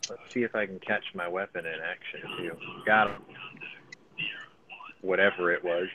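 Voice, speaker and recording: A man's voice: sits low, steady tone, normal speed, noisy background. A man giving casual, profane live commentary on his own gameplay, thinking aloud as he plays. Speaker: gaming streamer.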